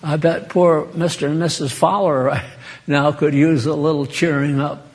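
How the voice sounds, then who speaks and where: A man's voice: on the high side, fairly even intonation, normal speed. A man preaching an informal sermon in a chatty, folksy way, laughing and speaking to listeners by name.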